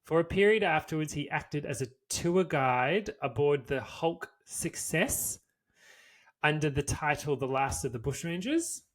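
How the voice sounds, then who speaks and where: A man's voice: a little high, lively intonation, unhurried. A man, co-hosting a podcast and reading a history story aloud from notes before slipping into casual chat. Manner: casual, swears freely, reads from notes. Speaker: podcast co-host.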